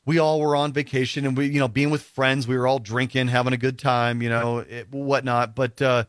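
A man at an ordinary middle pitch tells a story in a loose, rambling way, full of "you know" and "like." He slips into the voices of the people in his story. The recording is close and dry, with no room sound. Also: flat delivery, fairly quick, no room sound. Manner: acts out other people's lines in the telling. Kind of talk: casual conversational storytelling.

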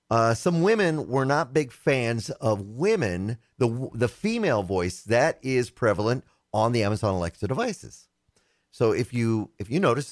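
On a casual tech podcast, this chatty male co-host teases his partner and laughs easily, his pitch rising and falling as he talks. The recording is dry, close and without any room sound.

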